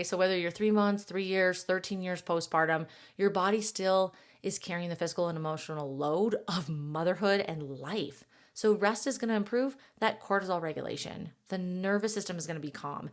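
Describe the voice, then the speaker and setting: Woman, thirties, lowish voice, chatty, encouraging mom coach, casual podcast monologue. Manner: encouraging, chatty, laughs at herself.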